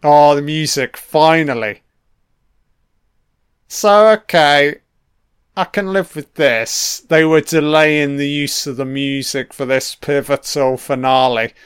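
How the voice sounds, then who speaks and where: Slow-talking, foul-mouthed man. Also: on the high side, smooth, no echo, studio quality. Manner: swears constantly, blunt and opinionated. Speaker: film commentator. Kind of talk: casual audio film commentary.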